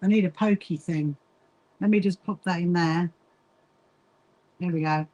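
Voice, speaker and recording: A woman's voice: on the low side, a little slow, mellow, dull audio. Chatty British woman hosting a sewing stream. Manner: chatty, reads viewer comments aloud, frequent "hang on" asides. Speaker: livestream host. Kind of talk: casual chat while sewing.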